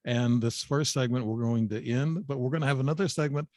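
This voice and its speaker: A man's voice: mid-range voice, brisk, darkish tone, no room sound. Male interview host, dry close sound. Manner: brief backchannels, chatty. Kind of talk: casual interview.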